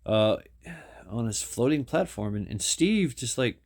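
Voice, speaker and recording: A man telling a story in a casual, rambling way, stumbling over restarts and fillers. He talks very slowly at a medium pitch. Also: lively intonation, darkish tone.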